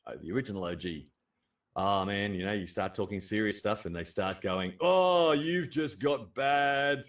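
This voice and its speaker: Lively Australian man on a livestream. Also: on the low side, far from the mic. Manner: animated and blunt, swears freely, laughs often. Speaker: livestream host. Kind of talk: casual livestream chat.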